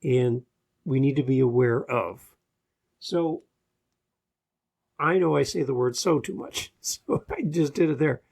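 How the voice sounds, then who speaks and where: A man hosting a podcast, giving measured advice with frequent restarts and fillers into a close microphone. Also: medium pitch, vocal fry, a little mellow, breathy edge. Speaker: podcast host.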